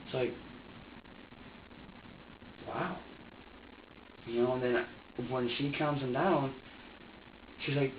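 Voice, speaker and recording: A man's voice: mid-range voice, takes it slowly, pauses often. A man being questioned in an interrogation room, telling his story in a heated, profane, rambling way. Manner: profane, heated, rambling, quotes both sides of an argument. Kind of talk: agitated recounting in an interrogation. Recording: echoey room, distant muffled mic, faint hiss.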